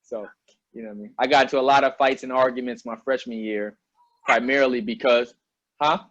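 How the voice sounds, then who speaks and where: A man from Albany, New York, interviewing a guest in a relaxed, slangy way, often asking "you know what I mean?". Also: medium pitch, brisk, dry recording, dull audio. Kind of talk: casual conversational interview.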